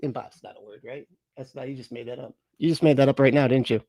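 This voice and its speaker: A man's voice: mid-range voice, fairly even intonation, quick pace, gravelly, dark tone, no echo. A man hosting a live stream in casual chat, greeting viewers with rambling, chuckling, self-correcting asides.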